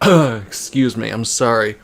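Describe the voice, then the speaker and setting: Reading fan fiction on a charity livestream for laughs, this young man keeps breaking into laughter and wry comments. He speaks at a slow pace, medium pitch, with vocal fry.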